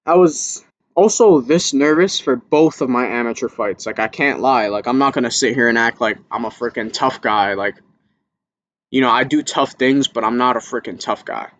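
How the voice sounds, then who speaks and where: An amateur boxer telling a candid, casual story to camera, swearing freely and getting higher and louder when he relives his panic. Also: normal speed.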